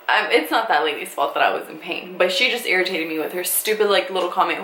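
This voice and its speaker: A young woman vlogger casually telling a story, animated and swearing freely as she acts out what people said. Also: medium pitch, fairly quick. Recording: echoey room with faint ambient noise.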